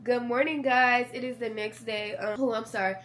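A woman's voice: fairly high pitch, fairly even intonation, normal speed, crowd noise. A young woman vlogging from bed at home, sick with a sore throat and a stuffy nose, chatting casually to her viewers and calling them y'all. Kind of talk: casual chat to camera. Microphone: camera mic.

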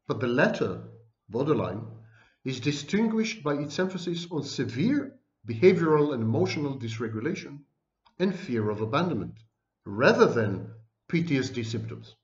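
A man's voice: mid-range voice, big pitch swings, moderate pace. A man giving an online lecture on personality disorders, emphatic and scornful, stacking up terms as he goes. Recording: echoey room, dull lo-fi sound.

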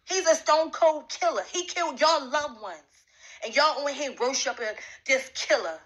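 A woman speaks in a high, bright voice, confronting someone directly. She talks in an emphatic, repetitive way, coming back to the same demands again and again. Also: moderate pace, poor audio. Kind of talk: direct-address accusation.

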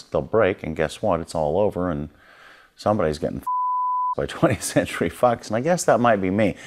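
This creature effects artist's voice sits low as he remembers a film shoot during a documentary interview. He's lively throughout, laughing at himself while he performs the things people said to him.

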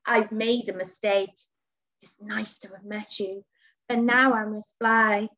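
A woman's voice: mid-range voice, flat delivery, slow, pushed and bright, no room sound, rough recording. A woman voicing a mean, greedy storybook dragon. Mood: apologetic. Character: mean hungry male dragon, boastful. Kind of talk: storybook reading.

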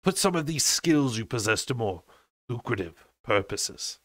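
A man voicing a fat, patronizing male creature moneylender with a deep, wide, oily drawl. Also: lively intonation, a bit bright, dry recording. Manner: patronizing, slow and drawn out.

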